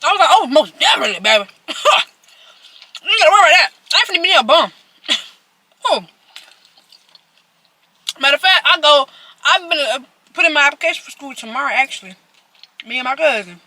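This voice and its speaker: A woman's voice: high-pitched, a little fast, pauses often, a little hiss or hum. A young adult woman telling a chatty story to her viewers while eating, talking straight to the audience. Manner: chatty, animated, addresses viewers directly. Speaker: vlogger.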